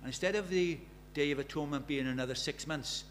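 A man's voice: a little high, fast, a little hiss or hum. A man preaching a sermon, emphatic, repeating key phrases and asking the listeners rhetorical questions.

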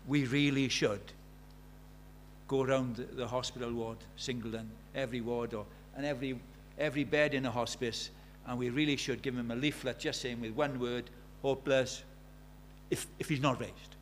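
A man's voice: medium pitch, steady tone, normal speed, slight background noise. A man preaching a sermon, emphatic, repeating key phrases and asking the listeners rhetorical questions.

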